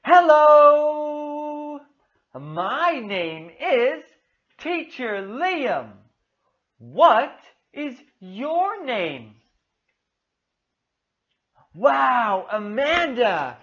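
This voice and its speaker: A woman's voice: sits high, very animated, drawn-out words, pauses often, fairly bright tone. A woman teaching English to young children in a demo lesson, calling out names and heaping on cheerful praise. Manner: exaggerated cheerful praise, sing-song calls. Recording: muffled lo-fi recording.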